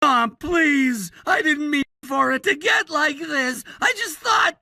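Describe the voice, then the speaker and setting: A woman voicing a shouting teenage son. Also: high-pitched, slow pace, vocal fry, no echo, studio quality, full character voice. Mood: tearful remorse. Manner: shouting, demanding, then tearful and pleading. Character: bratty teenage boy, high schooler, defiant then pleading.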